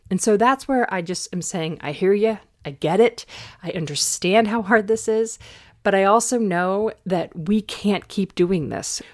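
Encouraging woman podcast host. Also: fairly low pitch. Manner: encouraging, coaching tone. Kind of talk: solo podcast talk.

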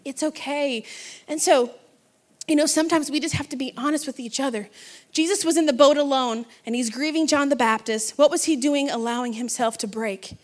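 A woman's voice: high-pitched, fairly quick. A middle-aged woman preaching a sermon with passion, talking to the congregation in a casual back-and-forth way. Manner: passionate, conversational preaching with call-outs to the congregation. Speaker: pastor's wife preaching.

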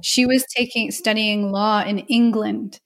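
A woman's voice: medium pitch, fairly even intonation, unhurried, a bit bright. A woman in her forties, a mother, talking casually and enthusiastically in conversation. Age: 40s.

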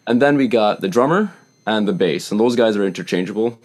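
A man's voice: lowish voice, fairly quick. A young man from Canada, a musician being interviewed, chatting casually and acting out quotes with animation. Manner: animated storyteller, acts out quotes. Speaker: musician guest.

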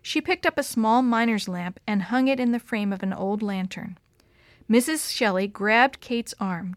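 A woman narrating a story in an expressive, dramatic reading. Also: mid-range voice, normal speed, no room sound, clean studio sound.

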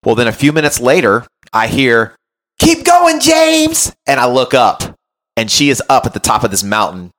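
In a medium-pitched voice at a fairly quick pace, a man hosting a podcast as a run coach chats casually through a lively, self-mocking story, often tossing in "right?"

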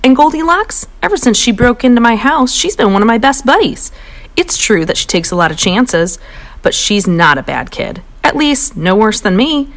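Narrating a story for kids, this storybook reader sounds playful and bouncy. She swings her voice from high to low so the tale stays animated for her young audience.

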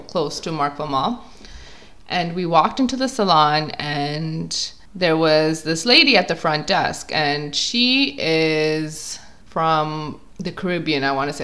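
A young woman vlogger telling a casual story, chatty and animated, filling her talk with "like" and acting out what people said. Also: lowish voice. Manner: chatty, filler-heavy with constant "like"; animated, acts out quotes.

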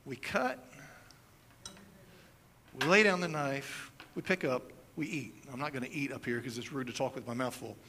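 A man's voice: medium pitch, normal speed, long pauses, bright, forceful tone, a little hiss or hum. A man in his fifties from the United States preaching a conversational sermon, telling stories with playful asides and demonstrations. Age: 50s. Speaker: pastor.

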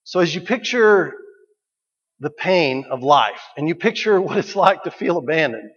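Pastor guy, chatty sermon, lots of questions, slightly high voice, echoey hall. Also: animated, normal speed, fairly bright tone, husky. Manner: conversational, rhetorical questions, repeats key phrases. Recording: dull recording with long hall reverb.

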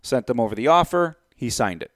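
This man's medium-pitched voice moves a little fast, recorded dry with clean studio sound. Telling a story to camera, the real estate investor gets animated, acting out each side of a deal and figuring the sums aloud.

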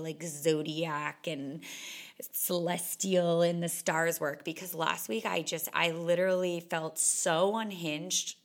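A woman's voice: fairly low pitch, bright, forceful tone. A young woman, a fitness instructor, talking candidly in a chatty solo podcast monologue full of "like.". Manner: chatty and candid, heavy on "like" fillers.

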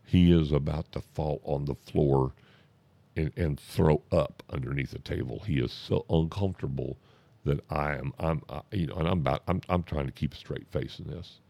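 A man telling a comic anecdote in a drawn-out, deadpan way, often stopping to correct himself. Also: extremely low pitch, creaky, no room sound. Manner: drawn-out, deadpan delivery with self-interruptions. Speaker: comic storyteller.

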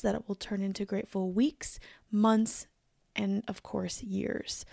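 A woman's voice: medium pitch, vocal fry, darkish tone, no echo, clean studio sound. A young woman hosting her own podcast, talking candidly in a casual chat with a tired, scratchy voice. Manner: candid, chatty, emphatic. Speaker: podcast host. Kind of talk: casual solo podcast talk.

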